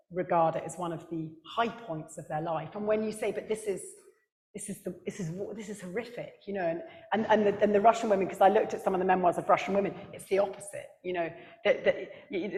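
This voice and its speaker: A woman author speaking on a book festival panel, animated, with quick asides and laughter at her own stories. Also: fairly low pitch. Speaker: author and historian. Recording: echoey hall with long reverb.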